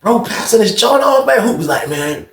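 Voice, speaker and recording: A young man telling a casual storytime, animated and slang-heavy, swearing freely. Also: sits high, normal speed, reverberant.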